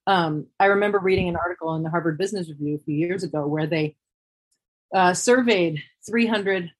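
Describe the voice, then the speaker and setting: Woman on a podcast panel, kinda husky, lowish voice, thinks out loud and restarts a lot. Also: low-quality recording. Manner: thoughtful and candid, pausing and restarting mid-thought. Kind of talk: reflective panel discussion.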